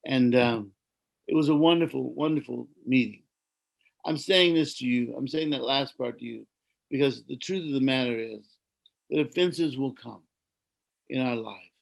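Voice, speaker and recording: Gravelly, reflective American priest. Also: male voice, mid-range voice, normal speed, long pauses, poor audio. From United States. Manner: gentle, reflective, preacherly. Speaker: Orthodox priest. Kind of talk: personal storytelling in a conversation.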